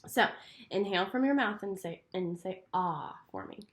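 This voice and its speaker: A woman's voice: medium pitch, lively intonation, fairly quick. A woman acting as a clinician, patiently walking someone through a speech exam step by step. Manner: encouraging, patient. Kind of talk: giving step-by-step instructions.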